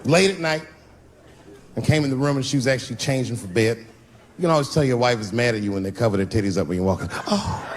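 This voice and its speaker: A middle-aged man doing stand-up comedy storytelling on stage, acting out characters and jumping into high shouts. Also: fast talker. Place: large venue on stage. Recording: live stand-up with laughing crowd and noise.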